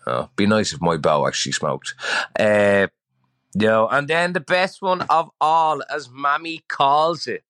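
A man's voice: mid-range voice, unhurried, a bit bright, no room sound. A man with an Irish accent, a listener calling in, rambling through a list with laughs between items. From Ireland. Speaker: listener caller.

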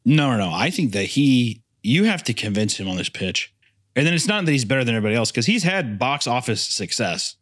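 Male co-host, expressive profane banter voice, dry sound. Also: mid-range voice, no echo. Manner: fast riffing, profane, lively storytelling. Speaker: podcast co-host. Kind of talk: crude comedic banter.

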